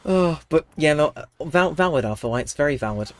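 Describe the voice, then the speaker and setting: A young man with a cold coming on, livestreaming a game and rambling casually to his chat while laughing often. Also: a little high. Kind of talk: casual live-stream chat while gaming.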